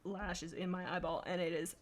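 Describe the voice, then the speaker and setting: A woman reading fanfiction aloud and reacting with animated, giggly, joking asides. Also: on the low side, fast talker, background noise.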